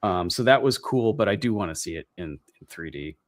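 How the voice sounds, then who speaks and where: A man's voice: deep voice, lively intonation, brisk, a crowd in the background. A man, co-hosting a casual podcast, easygoing and hesitant, with many ums and frequent laughs. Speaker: podcast co-host. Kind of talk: casual chat.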